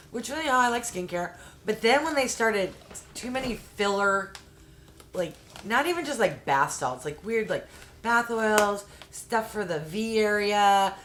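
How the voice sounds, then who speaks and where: A woman's voice: medium pitch, a bit bright, slight background noise. A woman talks straight to the camera in a casual unboxing vlog about beauty products. She rants with heated exasperation, and her talk is loose and chatty with plenty of fillers. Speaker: beauty box reviewer.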